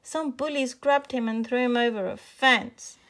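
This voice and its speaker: A woman voicing a young girl whose toy robot was taken, speaking high and emotionally. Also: a little slow, a bit bright. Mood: excited.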